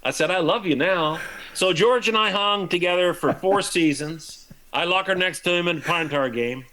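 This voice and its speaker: An older man, a former ballplayer, telling lively anecdotes in a broadcast interview and acting out the lines he quotes. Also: high-pitched, moderate pace, rough recording. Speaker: guest, former baseball player.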